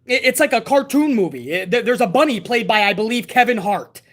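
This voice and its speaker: A man's voice: extremely high pitch, lively intonation, fairly quick, a bit bright. A man hosting a live stream, chatting casually and profanely and answering viewer messages. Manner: profane, laid-back banter, reading viewer messages.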